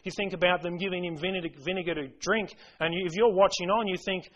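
A man's voice: high voice, steady tone, quick pace, hardly any pauses, fairly bright tone, poor audio. A man preaching a sermon, earnest and building to impassioned emphasis as he quotes scripture.

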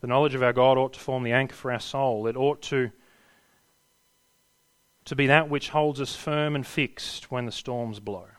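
A man preaching a sermon earnestly, building to emphatic peaks and dropping to hushed endings. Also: medium pitch, fairly even intonation, normal speed, no room sound.

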